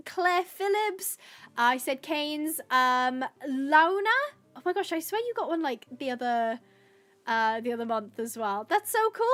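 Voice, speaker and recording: A woman's voice: high voice, a bit bright. A woman chatting on a livestream in a bubbly, chatty way, thanking her viewers as she talks. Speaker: livestreaming gamer. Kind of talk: casual livestream chat.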